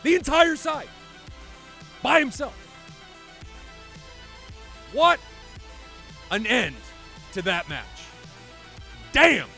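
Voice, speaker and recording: A man giving live play-by-play commentary on an air combat match, excitable, swearing freely and shouting at big moments. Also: extremely high pitch, drawn-out words, creaky, pauses often, soft background music. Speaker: esports commentator.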